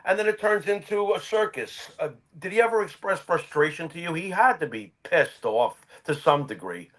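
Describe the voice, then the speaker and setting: An older male co-host questions his guest in an emphatic, meandering manner. His voice is fairly high and swings widely in pitch. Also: lively intonation, moderate pace, a bit bright, rough recording. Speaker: podcast co-host. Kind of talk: conversational interview.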